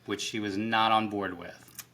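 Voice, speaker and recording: Bright-voiced man making his case. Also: on the low side, steady tone, a little slow. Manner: argumentative, builds his case point by point. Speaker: podcast co-host. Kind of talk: casual reality TV recap chat.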